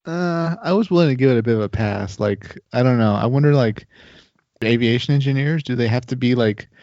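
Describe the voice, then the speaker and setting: A man's voice: medium pitch, a little fast, no room sound, muffled recording. Laid-back male podcast co-host. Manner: relaxed and hesitant, with laughs and fillers. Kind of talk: casual podcast chat.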